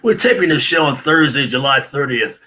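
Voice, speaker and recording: A man's voice: mid-range voice, animated, a little fast, bright, forceful tone. A man hosting an interview show, reacting briefly to his guest. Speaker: interview host.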